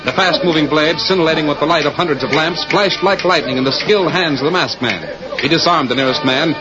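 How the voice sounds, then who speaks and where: Brisk dramatic male narrator. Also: a little high, lo-fi sound. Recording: old radio recording with music and crowd noise.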